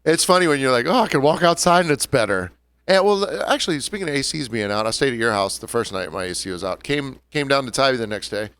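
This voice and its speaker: A man co-hosting a podcast in relaxed, laid-back banter. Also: mid-range voice, fast, smooth. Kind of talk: casual chat.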